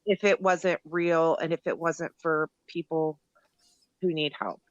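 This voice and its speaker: A young woman co-hosting a casual podcast chat in a relaxed, offhand way, with casual swearing. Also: sits low, measured pace, dry recording, dull audio. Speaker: podcast co-host.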